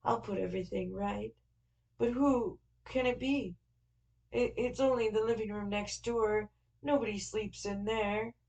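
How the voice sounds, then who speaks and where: A woman's voice: mid-range voice, fairly even intonation, a little slow, gravelly, darkish tone, rough recording. A woman reading a novel aloud, voicing an earnest, flustered young man who explains things at length. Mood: hushed.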